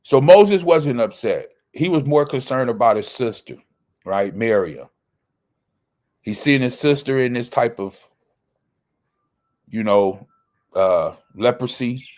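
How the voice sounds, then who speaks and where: A man's voice: medium pitch, a little mellow. A man teaching a Bible study. He reads verses aloud, then explains them, and often asks a question and answers it himself.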